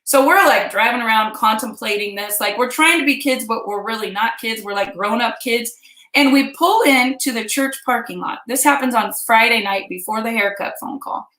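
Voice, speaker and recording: Woman vlogger in her fifties, from kansas, animated storytelling, fairly high bright voice, roomy echo. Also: normal speed. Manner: chatty, animated, addresses viewers directly. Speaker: vlog host. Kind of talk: personal storytelling to viewers.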